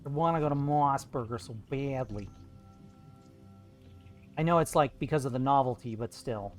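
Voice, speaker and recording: A man's voice: mid-range voice, moderate pace, soft background music. A man streaming live while he paints, chatting with viewers in a playful, jokey way. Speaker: art streamer.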